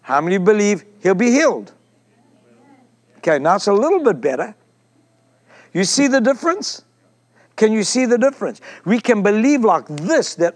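A man's voice: sits high, sing-song, normal speed, pauses often. A man preaching a sermon to his congregation, emphatic and repetitive, often asking the listeners questions. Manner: emphatic, repeats phrases and asks the congregation questions. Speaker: pastor.

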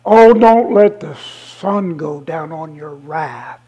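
A guest preacher giving a fiery sermon, emphatic and repetitive, swinging from shouted declarations to hushed asides. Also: medium pitch, slow pace, hardly any pauses, husky, low-quality recording.

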